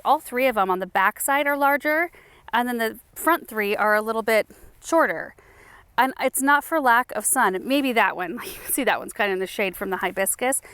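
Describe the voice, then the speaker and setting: A young adult woman hosting a casual garden tour vlog outdoors, chatty and enthusiastic, thinking out loud as she goes. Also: on the high side, clear, resonant tone, dry recording. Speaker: gardening channel host.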